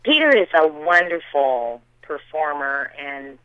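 A middle-aged woman from the American South, a theater director answering interview questions and warmly praising her colleagues. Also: low-pitched, animated, unhurried, no room sound. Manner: warm, enthusiastic praise of colleagues. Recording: tinny phone-line sound.

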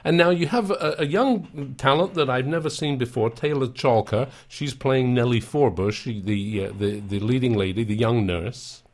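A man's voice: medium pitch, normal speed, few pauses. A man interviewing a theater director, chatty and complimentary, often stumbling over restarts. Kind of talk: interview questions.

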